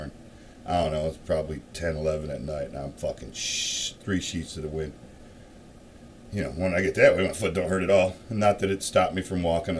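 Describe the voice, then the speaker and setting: A middle-aged man with a low, deep voice rants casually and swears freely. He rambles through his story and builds up steam until he is nearly shouting. A faint hiss sits under the recording. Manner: rambling, profane storytelling that grows louder and more worked up. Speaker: show host. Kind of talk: casual profane rant.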